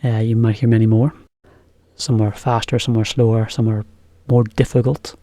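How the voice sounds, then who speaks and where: Brief: male English teacher, casual chatty lesson, mellow tone, mid pitch, dry sound. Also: normal speed, no echo. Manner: relaxed, chatty, explains as he goes.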